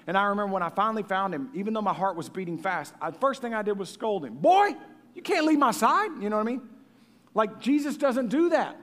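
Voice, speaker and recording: A man, likely in his thirties, preaching a sermon as pastor in a folksy, animated way that sometimes sinks to a hush. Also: sits high. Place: church sanctuary. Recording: long hall reverb.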